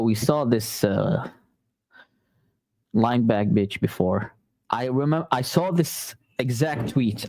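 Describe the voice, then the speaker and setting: Sarcastic man with a mellow voice. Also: medium pitch, dry recording. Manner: sarcastic, loose and conversational. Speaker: commentary channel host. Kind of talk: casual reaction commentary.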